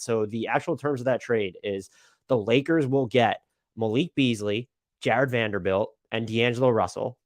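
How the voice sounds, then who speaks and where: A man's voice: medium pitch, no room sound, studio quality. A man hosting a live basketball talk stream, casual and rambling, swearing and stammering with lots of fillers. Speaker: NBA podcast host.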